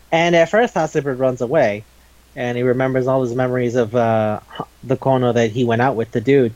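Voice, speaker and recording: A man at an everyday middle pitch rambles through a casual podcast recap, full of fillers and easy profanity. The recording sounds dry and close with no room around it, and slightly dull in the highs. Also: darkish tone, no echo. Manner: rambling, filler-heavy, laughs often, swears freely. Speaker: podcast host.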